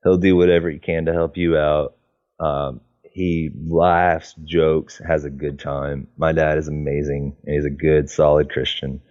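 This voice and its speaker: Deep-voiced man, chatty and rambling. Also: little pitch movement, unhurried, a little mellow, highs cut off. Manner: rambling, chatty, lots of fillers and restarts. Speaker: podcast guest. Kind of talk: casual conversation.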